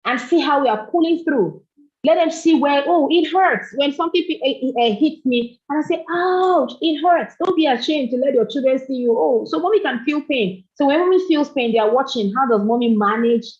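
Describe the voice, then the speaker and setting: A woman's voice: high-pitched, fairly quick, few pauses, darkish tone. A middle-aged woman speaking at a parenting summit, earnest and repeating phrases for emphasis. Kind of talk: motivational talk. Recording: dull lo-fi recording.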